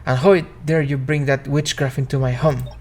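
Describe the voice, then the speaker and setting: A man reading a gruff, bitter middle-aged innkeeper. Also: mid-range voice, fairly even intonation, normal speed, a little mellow, a little hiss or hum, natural voice. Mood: bitter, angry. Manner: angry, accusing outbursts. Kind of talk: reading game dialogue aloud.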